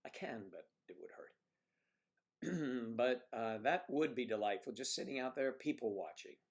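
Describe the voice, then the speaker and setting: A man's voice: mid-range voice, lively intonation, moderate pace. Chatty man hosting a livestream. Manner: rambling, chatty, reads out viewer comments. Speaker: livestream host. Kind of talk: casual chat with viewers.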